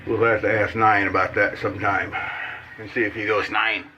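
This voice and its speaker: A man's voice: fairly low pitch, little pitch movement, a little fast, highs cut off, noisy background. A man from Mississippi with a Southern accent, chatting in a folksy, rambling, joking way while demonstrating a shave. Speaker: shaving vlogger. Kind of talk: casual shaving demonstration.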